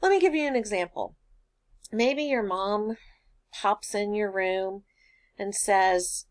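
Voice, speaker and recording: A woman's voice: mid-range voice, takes it slowly, long pauses, no echo. A woman teaching a recorded grammar lesson, patiently explaining step by step with everyday examples.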